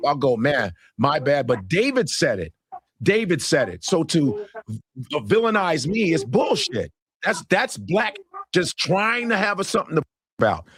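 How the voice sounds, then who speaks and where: Brief: male podcaster from Chicago, husky and high-pitched, defensive and profane. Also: no room sound. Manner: defensive, profane, talks over others. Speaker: podcast host. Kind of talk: podcast talk.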